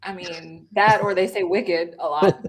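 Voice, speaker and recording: A woman's voice: lowish voice, fairly even intonation, measured pace, poor audio. A woman co-hosting a casual film podcast, playful and laughing often. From United States. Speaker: podcast co-host.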